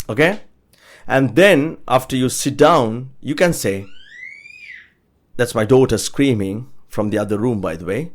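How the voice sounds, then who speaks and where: A man teaching an English lesson, upbeat and encouraging, who drills everyday phrases by saying them slowly and repeating them. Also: mid-range voice.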